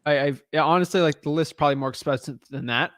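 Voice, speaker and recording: A man's voice: fairly high pitch, quick pace, a bit bright, no echo, studio quality. A man coaching on real estate wholesaling, blunt and casual, calling people man and dude. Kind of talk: casual advice on a call.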